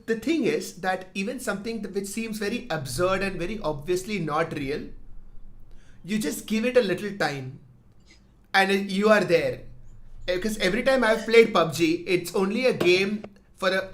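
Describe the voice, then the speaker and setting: A man with a high voice hosts a relaxed conversation. He laughs easily and trips over his starts as he works his way toward a point. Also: normal speed. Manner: laughing easily, restarts often. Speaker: host. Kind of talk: casual chat.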